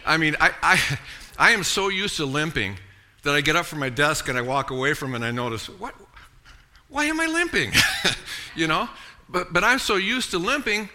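A middle-aged male pastor delivers a sermon in a high, very bright voice. His pitch swings widely as he presses his points. He repeats and restarts words and keeps asking his listeners for an amen. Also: lively intonation, fairly quick. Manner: emphatic, repeats words and restarts, calls for amens.

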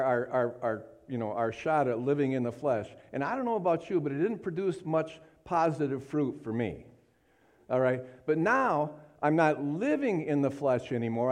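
A man's voice: a little high, a little mellow. A man preaching a sermon, emphatic and fervent, often asking the congregation for an amen and rising to impassioned peaks. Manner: emphatic, calls for amens, rises to fervent peaks.

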